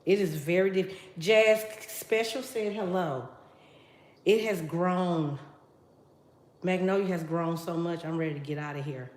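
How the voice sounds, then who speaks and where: A woman's voice: on the low side, a little slow, darkish tone. Chatty woman in an echoey kitchen. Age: middle-aged. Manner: chatty, talks straight to viewers, reads out comments. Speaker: livestream host. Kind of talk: casual live chat while cooking. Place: home kitchen.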